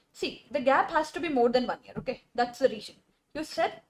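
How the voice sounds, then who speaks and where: A woman's voice: sits high, lively intonation, normal speed. A young woman giving a classroom accountancy lecture, repeating key terms and quizzing her students.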